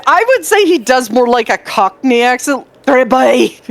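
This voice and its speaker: A woman's voice: high-pitched, big pitch swings, moderate pace. A woman chatting at a tabletop game, teasing and laughing. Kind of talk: casual game table chat.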